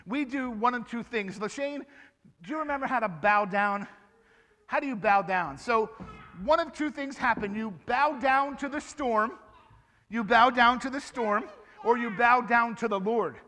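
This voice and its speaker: A man with a high, light voice preaches to a group of children, stopping often to ask them questions and acting out the story. His voice rings with long reverb from a large hall. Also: a little slow. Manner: animated, asks the children questions. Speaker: children's pastor. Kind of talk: children's sermon.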